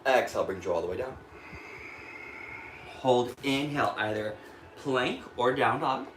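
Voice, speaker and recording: An American man guides a yoga flow, cueing each inhale and exhale as he moves and running a bit short of breath. His voice bounces around a roomy studio, with a faint hum underneath. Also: on the low side. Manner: calm cueing of breath and poses, breathy while moving through the flow. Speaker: yoga instructor. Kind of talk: guided yoga class cues.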